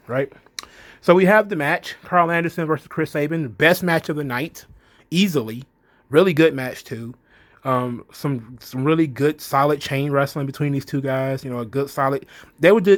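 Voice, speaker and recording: A man giving a loose, rambling casual recap, filling his talk with "you know" and "kinda". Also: mid-range voice. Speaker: wrestling show reviewer.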